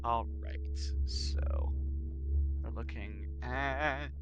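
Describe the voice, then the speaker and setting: A man's voice: mid-range voice, very slow, lo-fi sound, soft background music. A man playing a tabletop role-playing game, speaking partly in character in an earnest, formal way. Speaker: player.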